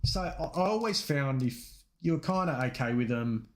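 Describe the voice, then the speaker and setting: With faint music in the background, an Australian podcast co-host chats casually and spins rambling stories at a moderate pace. His expressive, mid-range voice shifts as he imitates the people he's quoting.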